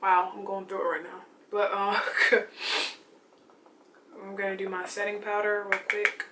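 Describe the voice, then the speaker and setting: Young woman beauty vlogger, bright forceful tone, chatty slangy delivery, faint room hiss behind. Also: mid-range voice, moderate pace. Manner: chatty and excitable, with slangy asides. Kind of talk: casual get-ready-with-me chat. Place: home, doing makeup.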